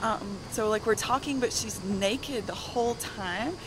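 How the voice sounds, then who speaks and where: A young woman with a soft Southern accent, a bit out of breath, telling a rambling story on a treadmill in a gym. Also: mid-range voice, a little slow, background noise. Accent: Southern American. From American South. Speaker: guest. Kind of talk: casual storytelling.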